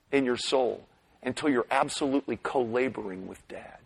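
A middle-aged man preaching a sermon, animated, swinging between loud bursts and hushed asides. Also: medium pitch, normal speed, vocal fry, husky, rough recording. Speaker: pastor.

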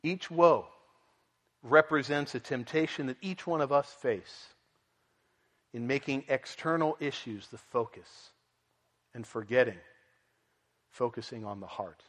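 A man's voice: medium pitch, unhurried, long pauses, in a large hall. A man preaching an earnest expository sermon, at times voicing the people in the story with dramatic emphasis. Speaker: pastor.

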